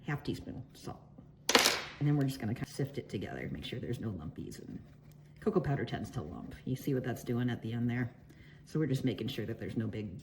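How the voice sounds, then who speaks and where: A woman with a low voice that swoops up and down as she talks. She runs a casual baking tutorial, joking and chatting with viewers while she works. Faint noise sits behind her. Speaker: baking instructor and shop owner.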